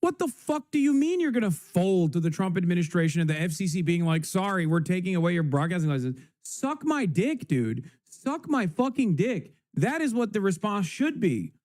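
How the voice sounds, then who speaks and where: Furious profane male streamer, high voice. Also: big pitch swings, normal speed, few pauses, a little mellow. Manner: angry, profane, emphatic. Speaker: live streamer. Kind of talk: ranting stream commentary.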